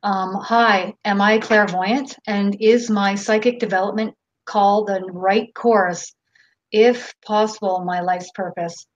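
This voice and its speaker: A woman's voice: medium pitch, steady tone, slow, slight background noise. Canadian woman hosting a live channeling q&a, takes her time, kinda muffled lo-fi sound. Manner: reads viewer questions aloud, casual and unfiltered. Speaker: host.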